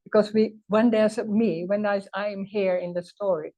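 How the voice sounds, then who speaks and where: Earnest woman teacher, mellow voice. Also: mid-range voice, fairly even intonation, normal speed. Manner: earnest, emphatic, non-native phrasing. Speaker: spiritual teacher. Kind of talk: teaching in conversation. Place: meeting room.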